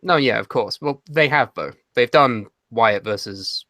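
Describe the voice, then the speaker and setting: A man's voice: mid-range voice, measured pace, a bit bright, dry recording. A young man co-hosting a casual chat, confident and argumentative as he breaks down his points. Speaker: co-host.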